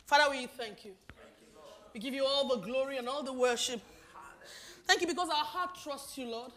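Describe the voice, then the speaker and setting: Very high, bright-voiced fervent woman preacher. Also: normal speed. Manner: rhythmic declarations punctuated by "uh"; swells to shouting, then drops to hushed prayer. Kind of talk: fervent sermon and prayer.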